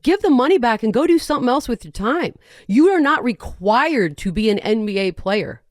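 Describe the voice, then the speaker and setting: A woman hosting a podcast in casual chat, animated and sarcastic, often breaking into rants. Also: on the high side, normal speed, no echo, studio quality. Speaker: podcast host.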